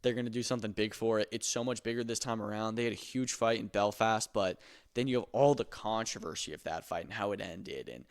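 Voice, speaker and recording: Dude with a gravelly voice, loose opinionated chat about fights, swears a bit. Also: male voice, lowish voice, a little fast. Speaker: podcast host. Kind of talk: casual chat about combat sports news.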